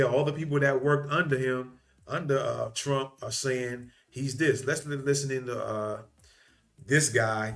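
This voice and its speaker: A man hosting a podcast, giving casual live reaction commentary and chatting while he thinks aloud. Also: mid-range voice. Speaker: podcast host.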